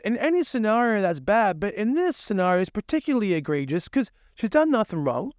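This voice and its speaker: A man's voice: high voice, big pitch swings, brisk, no room sound, studio quality. A young man hosting his own music podcast, rambling crudely and swearing as he laughs at himself in a casual monologue.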